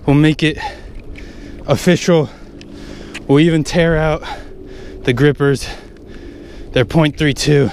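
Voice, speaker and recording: A man narrates a fishing vlog from a small boat at sea, breathless and excitable as he exclaims and cheers over a big catch. His voice is a little high and gravelly, slow with frequent pauses, with a faint hiss or hum in the background.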